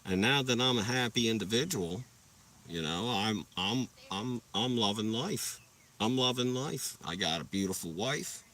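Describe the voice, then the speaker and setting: A man's voice: lowish voice, animated, a little slow, a bit bright. A young man chatting casually on a livestream, rambling through profane, hyped stories and asking viewers to like and subscribe. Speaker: livestream host. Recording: voice a bit far from the mic.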